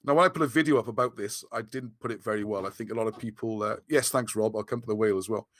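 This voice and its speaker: A man's voice: on the low side, quick pace, no echo, clean studio sound. A man giving a casual, rambling livestream talk to his viewers. He restarts his sentences often and says he is losing his voice. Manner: rambling, excitable, many restarts. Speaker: host of a live video chat.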